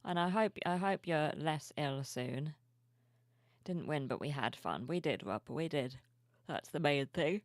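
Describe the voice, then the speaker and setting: A sleepy woman streamer chatting softly and cheerfully with her viewers at home, reading their messages aloud. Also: sits low, animated, a little slow, no echo, clean studio sound. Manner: soft-spoken, cheerful, reads chat aloud. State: sleepy, yawning. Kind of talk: casual live-stream chat. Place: home room with plushies.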